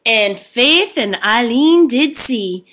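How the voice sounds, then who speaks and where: A woman's voice: fairly high pitch, lively intonation, slow pace, fairly bright tone. A woman reading a storybook aloud as a teacher, giving the characters their own voices.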